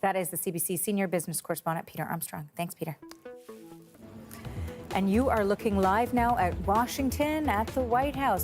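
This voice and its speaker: Woman anchoring news over music. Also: mid-range voice. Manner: smooth hand-offs, some fillers. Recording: news broadcast with music behind.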